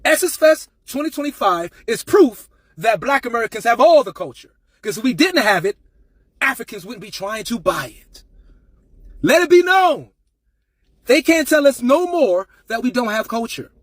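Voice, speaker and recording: A man's voice: extremely high pitch, big pitch swings, moderate pace, fairly bright tone, dry recording. A man giving an impassioned commentary with an emphatic, repetitive preaching cadence. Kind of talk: impassioned rant to camera.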